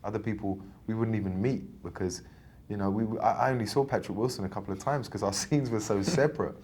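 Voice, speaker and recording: A man's voice: fairly low pitch, fast. A man in his thirties from England, an actor chatting in an interview, telling stories animatedly with many restarts. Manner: animated storytelling, frequent restarts. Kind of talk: casual interview chat.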